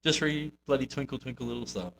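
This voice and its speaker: A man's voice: mid-range voice, quick pace, gravelly, a bit bright, slight background noise, poor audio. A man from New Zealand co-hosting a wrestling podcast in casual chat, laid-back and laughing often. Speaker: podcast co-host.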